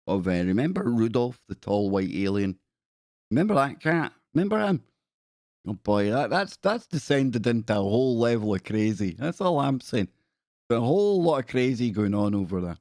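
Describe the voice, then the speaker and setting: A man's voice: fairly low pitch, darkish tone, dry recording, studio quality. A man hosting a live stream, rambling and joking as he reads captions aloud in casual commentary. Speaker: live-stream show host.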